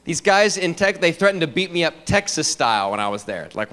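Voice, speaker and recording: Animated stand-up comedian, man. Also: on the high side, a little fast, few pauses. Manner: animated, jumps into many character voices.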